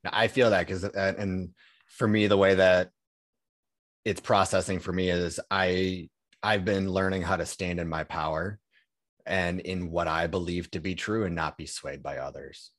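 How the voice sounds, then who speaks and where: A man's voice: deep voice, fairly even intonation, unhurried, no echo, studio quality. A man hosting a podcast in casual conversation, easygoing and earnest, with many fillers like "um" and "like". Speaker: podcast host.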